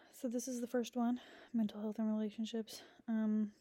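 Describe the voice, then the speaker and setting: Young woman host, casual rambling monologue, blunt and profane, mellow tone, dry close sound. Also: fairly high pitch, flat delivery, normal speed, no room sound. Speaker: podcast host.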